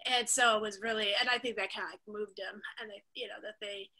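A woman's voice: medium pitch, steady tone, fast, pushed and bright. A woman, a lawyer who worked as a film researcher, answering interview questions in an enthusiastic, rambling way. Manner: enthusiastic, rambling, many fillers.

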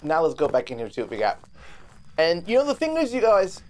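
Male game streamer, loose and excitable, rambles and curses his way through live commentary. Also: fairly high pitch, fast, slight background noise. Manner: excitable, swearing, rambling with restarts.

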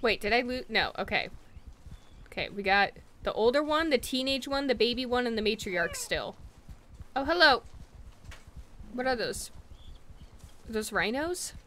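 A woman streaming a video game, loudly and expressively reacting to it and talking to the game characters as she plays. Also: fairly high pitch, animated, normal speed, pauses often. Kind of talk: live gameplay commentary.

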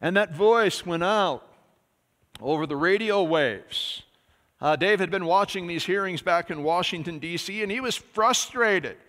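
Male pastor, relaxed conversational preaching, bright slightly high voice, long church-hall reverb. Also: a little slow. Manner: conversational preaching with many fillers. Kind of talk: sermon. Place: church sanctuary.

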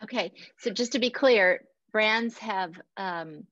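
A woman's voice: mid-range voice, slow pace, a bit bright, no room sound. A woman hosting a podcast interview, chatting in an upbeat, talkative way and laughing often. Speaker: podcast host. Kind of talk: casual interview chat. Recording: dull lo-fi sound.

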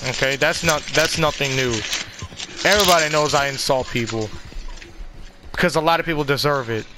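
A man's voice: on the high side, a little fast, noisy background. A man chatting casually while playing a video game, brash and full of profane trash talk. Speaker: gamer. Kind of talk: casual gaming chat.

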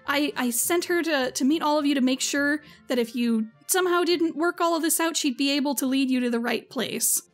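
A woman voicing a bubbly, excitable teenage girl who runs a school club, gushing and breathless in a tabletop game. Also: high voice, moderate pace, faint music behind, voice pushed up. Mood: overjoyed.

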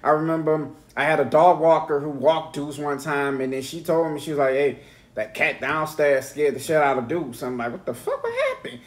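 A man's voice: a little high, fairly even intonation, normal speed. A man hosting a reaction video, telling a rambling, profane story in casual chat.

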